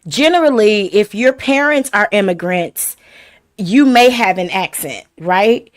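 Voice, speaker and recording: A woman's voice: medium pitch, expressive, a little slow, no echo, studio quality. A woman reacting to a video, mocking and laughing in sassy asides. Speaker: reaction commentator. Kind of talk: reaction commentary.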